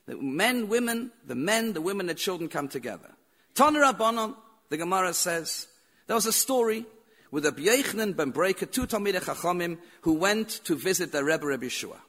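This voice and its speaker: A man's voice: high voice, expressive, brisk, sharp tone. A man teaching a Torah lecture as a rabbi, telling stories with repeated phrases and rhetorical questions.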